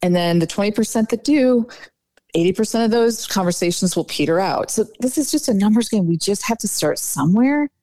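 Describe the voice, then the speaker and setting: A woman dating coach chats freely in an interview, her speech full of "like" and "you know." The sound is dry and close, with no room echo. Her pitch sits in the middle range for a woman. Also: brisk. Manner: chatty, animated, lots of "like" and "you know". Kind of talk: casual podcast interview.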